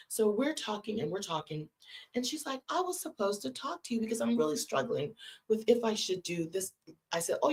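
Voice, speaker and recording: Woman live-stream host, lively storyteller, talks to her listeners as "y'all". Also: fairly low pitch. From California. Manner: animated, conversational, addresses listeners as y'all.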